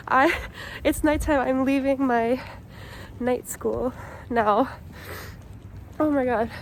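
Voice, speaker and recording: A high-voiced woman in her late twenties talks into a phone held at arm's length, sick and stuffy behind a mask. She gushes with repeated exclamations, overwhelmed and close to tears. Background noise hisses under her voice outdoors at night. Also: takes it slowly, pauses often. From Chicago, USA. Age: late 20s. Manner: emotional, gushing, repeated exclamations. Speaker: vlogger, departing English teacher. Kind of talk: handheld vlog talking to camera. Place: school grounds at night, partly outdoors.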